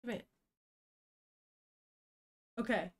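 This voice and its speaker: A young woman streaming to her chat, reading a manga aloud and reacting in a chatty, animated way with casual swearing. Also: drawn-out words.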